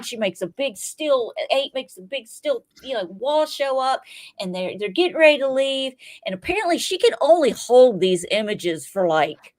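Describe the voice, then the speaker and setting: A woman on a casual podcast with a voice pitched a little above the usual. She retells a show in a loose, swearing, animated ramble, full of asides. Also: moderate pace. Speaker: podcast co-host. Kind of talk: casual TV recap chat.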